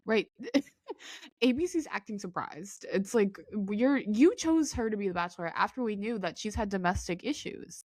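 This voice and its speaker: A woman podcast co-host talking in a loose, chatty way, piling on fillers and slipping into the voices of the people she describes. Her pitch sits in an ordinary middle range. The recording is close and dry, with no room sound. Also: normal speed, no echo. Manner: animated storyteller, acts out quotes, many fillers. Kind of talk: casual chat.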